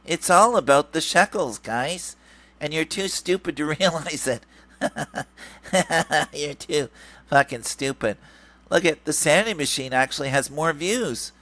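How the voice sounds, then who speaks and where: A man's voice: on the high side, a little slow, bright, forceful tone, pitched above the performer's own voice. A man putting on a mocking nasal voice for a greedy, whiny male grifter who keeps begging for money. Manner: mocking, sing-song and repetitive. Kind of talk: mocking impression.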